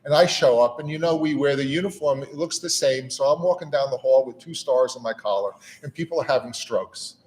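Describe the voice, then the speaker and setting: A man's voice: medium pitch, fairly quick, hardly any pauses, a little mellow. A middle-aged man giving a conversational speech to a room of volunteers. He talks in a folksy, easygoing manner, often repeating words and saying "you know". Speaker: national auxiliary leader giving a speech. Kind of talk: informal speech to a gathering. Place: meeting room with an audience.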